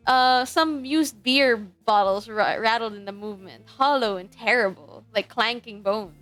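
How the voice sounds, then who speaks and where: A woman's voice: on the high side, measured pace, few pauses, fairly bright tone, soft background music. A woman streamer reading a visual novel aloud in a dramatic, earnest way. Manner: earnest, self-conscious, giggly asides.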